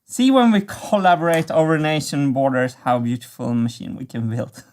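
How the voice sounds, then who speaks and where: A man narrating a workshop vlog, enthusiastic and quick to laugh. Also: fairly high pitch. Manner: excitable, laughs often, enthusiastic. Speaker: maker and engineering video creator.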